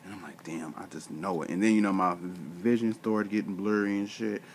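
A man's voice: sits low, steady tone, a little fast, a little hiss or hum. A man telling a story in a casual vlog rant, exasperated and slangy, acting out bits of dialogue. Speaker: vlogger.

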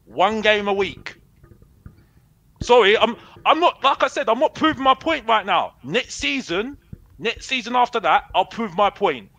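A man argues hard on a football fan show, brash and boastful, circling back to the same points. His voice sits high and sounds bright and forceful. The sound is dry and close. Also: animated, a little slow, dry recording, rough recording. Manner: brash, boastful, repeats himself, calls himself Mister Box Office. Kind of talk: heated fan debate.

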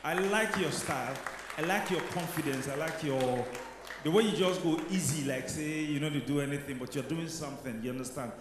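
A man judging a talent show, giving measured, encouraging feedback. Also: on the high side, crowd noise, background noise. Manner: measured, encouraging, with frequent "you know". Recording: very echoey hall with long reverb.

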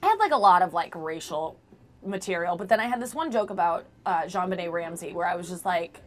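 A woman in her twenties, a comedian telling a story in a casual interview, animated and often laughing. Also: lowish voice, brisk. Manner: animated, laughing storyteller who acts out scenes. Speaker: stand-up comedian, interview guest.

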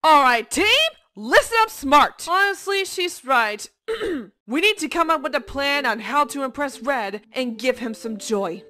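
A woman's voice: sits high, expressive, pushed and bright, no room sound, clean studio sound, soft background music, heavily acted. A woman as a peppy, bossy cartoon team leader. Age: 20s. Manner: peppy, commanding, quick to rally the team. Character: upbeat bossy young female team leader on a cartoon survival show. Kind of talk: cartoon dub acting.

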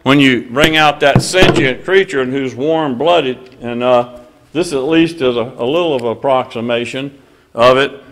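A man preaching a conversational sermon, reading scripture aloud, stressing words and often pausing on "uh" while joking with the audience. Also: medium pitch, background noise. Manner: emphatic, hesitant "uh" fillers, banter with the audience. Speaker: preacher at a lectureship.

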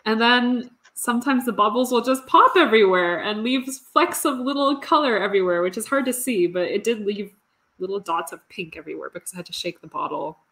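A woman's voice: mid-range voice, a little fast, a bit bright. A woman teaching artist chatting casually while painting, self-deprecating and laughing often. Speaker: teaching artist doing a demo.

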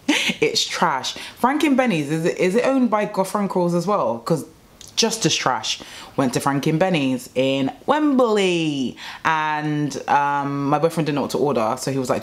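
A woman's voice: deep voice, lively intonation, normal speed. A young woman telling a rambling, exasperated story about a bad restaurant meal in a casual vlog. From England. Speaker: vlogger.

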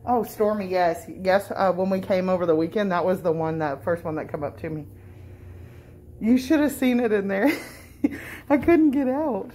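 A middle-aged woman, vlogging casually and cooing at cats in a high sing-song voice while talking through a face mask indoors. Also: animated, moderate pace, dark tone, a little hiss or hum. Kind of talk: casual vlog chat. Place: indoor cat shelter room. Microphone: handheld camera, talking through a face mask.

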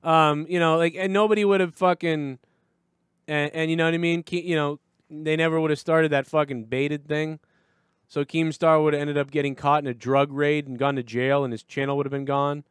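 Brief: swearing New host, slightly high voice, dry close sound. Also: male voice, little pitch movement, fairly quick, clear, resonant tone, no room sound. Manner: profane, rambling storytelling. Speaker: live show host. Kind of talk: casual chat.

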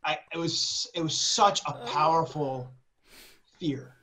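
Animated, slightly high-voiced man telling a story. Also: slow. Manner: animated, swearing freely, laughing between phrases. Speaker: guest composer. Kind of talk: casual interview storytelling.

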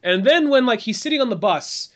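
A man's voice: extremely high pitch, fairly quick. A man co-hosting a podcast, chatting casually about movies, swearing and acting out scenes as he retells them. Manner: loose, profane, animated retelling of scenes. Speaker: podcast co-host.

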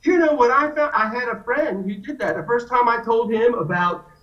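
A male guest with a very high voice tells stories at a moderate pace in relaxed conversation, animatedly acting out the voices of the people he quotes. The lo-fi recording is dull, distant and echoey.

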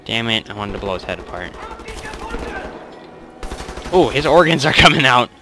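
A young man commenting on his own gameplay, excitable, swearing and muttering asides. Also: medium pitch, moderate pace, music in the background. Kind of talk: let's play commentary.

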